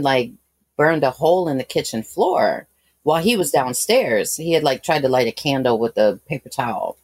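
A guest, a woman in her thirties with a very low voice, tells a painful personal story at length, rambling candidly with plenty of fillers and restarts. Her tone is a little mellow, and the recording is dry and close-miked with no room sound.

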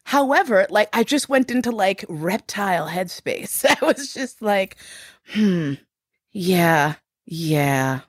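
A woman telling personal stories as an interview guest, reflective and frank, growing animated as she retells events. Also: medium pitch, unhurried, hardly any pauses, slightly rough, dry recording, studio quality. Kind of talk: candid personal storytelling.

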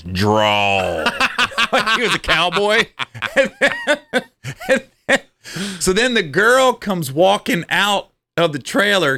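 A comedian telling stories in casual chat, acting out the people in them and laughing often. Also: male voice, a little high, bright, forceful tone, slight background noise.

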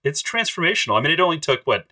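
A man interviewing his guest in casual chat, enthusiastic, loud and jokey. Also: a little high, very animated, rapid-fire.

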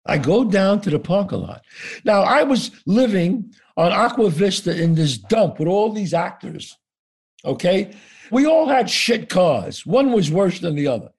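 A man's voice: high voice, animated, normal speed, darkish tone, breathy edge. An older man telling his story as a podcast guest, acting out both sides of each conversation and swearing freely. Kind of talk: animated storytelling.

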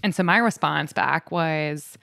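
A woman's voice: low-pitched, a little slow, gravelly, sharp tone, no room sound, studio quality. A woman co-hosting a podcast, telling stories in an upbeat, casual way and acting out quoted dialogue. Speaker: podcast co-host. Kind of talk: casual chat.

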